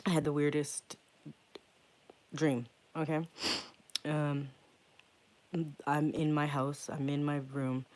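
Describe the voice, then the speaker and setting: A man telling a rambling, profanity-laced story to camera in a casual vlog, often dropping to a hushed whisper. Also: mid-range voice, a little hiss or hum. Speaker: occult channel host.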